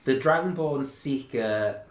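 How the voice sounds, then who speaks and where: A man's voice: mid-range voice, slow. A man running a tabletop game as dungeon master, hesitating and laughing as he narrates. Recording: echoey room, faint noise.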